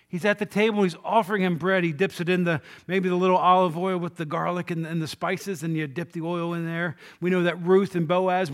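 A man preaching a sermon, retelling scripture in an animated storytelling way and acting out the quoted lines. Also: fairly high pitch. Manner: self-deprecating humor.

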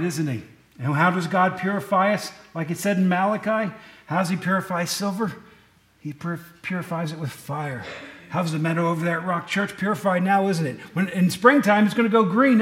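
A middle-aged pastor with a high voice gives a relaxed, chatty sermon and tosses joking asides to his congregation. His voice rings out in a roomy church. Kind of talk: casual sermon.

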